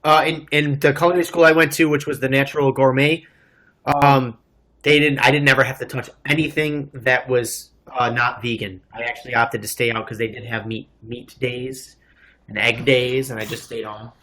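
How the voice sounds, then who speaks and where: A man's voice: mid-range voice, little pitch movement, moderate pace, fairly bright tone. Jokey man reading viewer comments. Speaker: co-host and culinary school graduate. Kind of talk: casual livestream chat.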